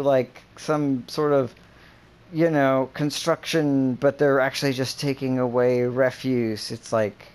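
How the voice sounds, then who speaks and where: A man in casual chat, rambling with many fillers and breaking into profane, animated rants. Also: medium pitch, takes it slowly.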